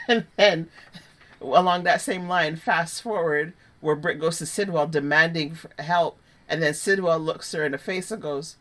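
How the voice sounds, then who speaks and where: A woman with a notably low voice, chatting casually as a podcast co-host. She is relaxed and agreeable, with plenty of quick yeahs and easy concessions. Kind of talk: casual chat recapping a soap opera.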